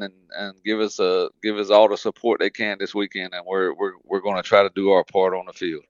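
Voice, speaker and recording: A man's voice: sits low, little pitch movement, a little fast, hardly any pauses, dry recording, muffled recording. A man from the United States, a baseball team manager, talking earnestly on a radio phone interview, often repeating words as he goes.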